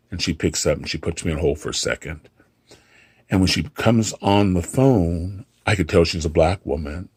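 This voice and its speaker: Middle-aged man, very low gravelly voice, husky, conversational storytelling, dry humor. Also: no room sound. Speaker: hotel front desk clerk. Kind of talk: casual storytelling to camera.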